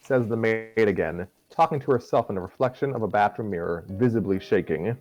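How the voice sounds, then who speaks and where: A man narrates a fan story in a relaxed, chatty way, trailing into fillers between lines. His voice sits on the low side. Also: fairly quick, dull audio. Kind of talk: casual fan fiction narration.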